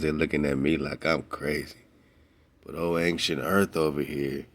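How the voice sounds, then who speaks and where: A very low-pitched man talks loosely and excitedly as a radio host. He laughs often and drops slangy asides between his points. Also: unhurried. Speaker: radio show host reacting to a documentary clip. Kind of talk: casual commentary.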